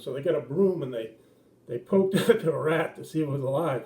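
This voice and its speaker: A middle-aged man giving a children's sermon, explaining things simply and gently and acting out the voices in his story. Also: on the high side, brisk. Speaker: children's pastor.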